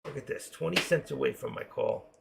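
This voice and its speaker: A man's voice: medium pitch, fairly quick, gravelly, background noise. An older man with a New York accent and a trace of Florida, chatting casually with viewers while hosting a live trading stream from home.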